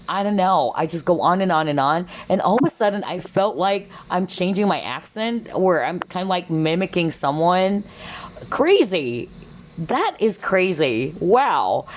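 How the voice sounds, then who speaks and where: A woman giving a chatty collective tarot reading, exclaiming often and filling her talk with fillers. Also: on the low side. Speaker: tarot reader.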